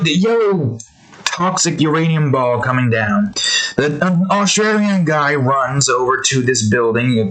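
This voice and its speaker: A man draws on stream while chatting to viewers, rambling chaotically and correcting himself as he goes. His mid-range voice has a fairly bright tone, and the recording quality is low.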